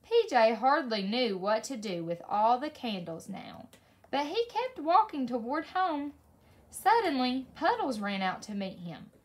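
A woman reading a children's story aloud in a slow, expressive way. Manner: slow, expressive read-aloud with lively pitch. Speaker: story reader.

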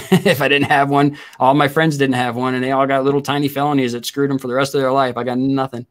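A man's voice: medium pitch, flat delivery, quick pace. A man in his forties hosting a casual chat, telling crude stories and laughing often. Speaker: host.

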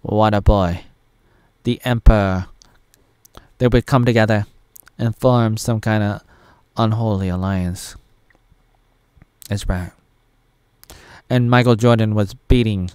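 Man, 30s, from Oregon, self-mocking solo vlog rant, low smooth voice. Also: fairly even intonation, slow, long pauses, darkish tone, no echo. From Oregon, USA. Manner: self-mocking, digressive, with pop-culture asides. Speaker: vlogger.

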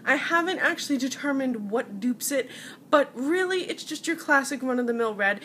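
A woman's voice: sits high, animated, moderate pace, a bit bright, a little hiss or hum. A woman beauty vlogger giving a casual, chatty product review and talking straight to her viewers. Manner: chatty, addresses viewers as guys.

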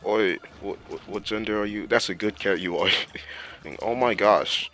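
Young guy, deep voice but bright and forceful, rambling to himself while he plays, faint game music behind. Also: moderate pace. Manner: talks to himself while playing, slangy, with many fillers. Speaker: gameplay commentator. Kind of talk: casual gameplay commentary.

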